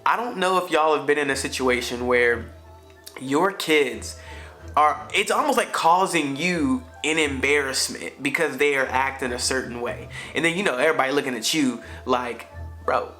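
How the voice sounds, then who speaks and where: Man, family vlogger, slangy casual storyteller, bright voice, faint music under him. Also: mid-range voice, normal speed. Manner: slangy, conversational, frequent fillers. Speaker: father vlogger.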